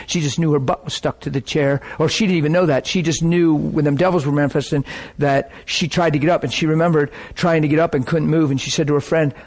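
A man preaching with animated storytelling, acting out the voices of people in his stories. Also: a little high. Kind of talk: sermon storytelling.

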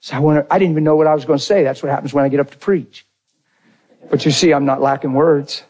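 A man preaching a sermon, telling a personal story with deep emotion and speaking unrehearsed, calling out to his congregation. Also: steady tone, fast talker, a little mellow. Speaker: pastor.

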